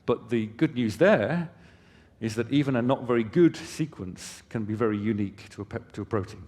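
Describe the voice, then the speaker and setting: A man's animated, medium-pitched voice with a darkish tone moves at a normal speed as he gives a company conference presentation on a hall stage. He explains conversationally and slips in casual asides to the audience, all under a long hall reverb.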